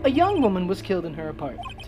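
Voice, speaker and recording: A woman's voice: lowish voice, big pitch swings, quick pace, over music. A woman voicing a nervous young male rookie lawyer in a game, speaking earnestly. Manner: earnest, slightly unsure.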